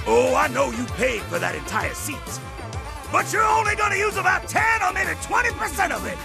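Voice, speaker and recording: A man's voice: extremely high pitch, big pitch swings, moderate pace, vocal fry, heavily acted. A man voicing a flamboyant male fish-man dancer in a video game, with a boastful, sing-song announcer patter. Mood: boastful showman. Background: game music.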